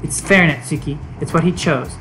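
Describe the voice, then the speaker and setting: A woman voicing a calm, poised young club president in game dialogue, speaking in a soothing, reasonable way. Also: low-pitched, moderate pace, slight background noise. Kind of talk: dramatic reading of game dialogue.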